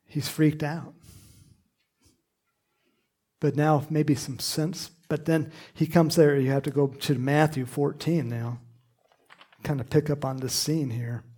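A man preaching a sermon in an animated, conversational way, with asides and laughs. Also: fairly high pitch, takes it slowly, pauses often, husky.

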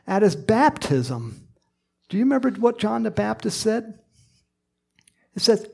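A man's voice: high-pitched, sing-song, measured pace, creaky, long pauses, husky. A man preaching a conversational sermon, acting out quoted lines and dropping at times to a whisper. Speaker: pastor.

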